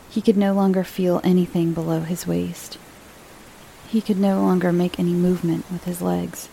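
A woman narrating a horror story in a steady, measured reading. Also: lowish voice, vocal fry.

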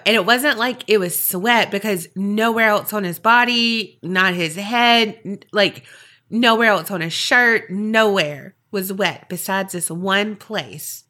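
A woman's voice: mid-range voice, pushed and bright. A woman podcast host telling a story in a chatty, casual way with wry asides.

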